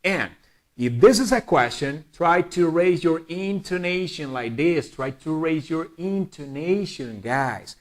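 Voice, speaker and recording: Lively bilingual English teacher, man. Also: on the high side. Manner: lively teacher, slows to spell out examples. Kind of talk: bilingual grammar lesson.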